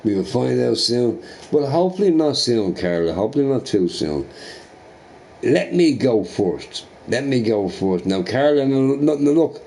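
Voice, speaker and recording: A man streaming a game talks in a slow, drawn-out way, with an average-pitched voice. He drifts between loose chat and fired-up, profane rants, and keeps checking in with a "right?". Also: creaky. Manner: profane, ranting, animated opinions with frequent "right?". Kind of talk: casual rambling chat while gaming.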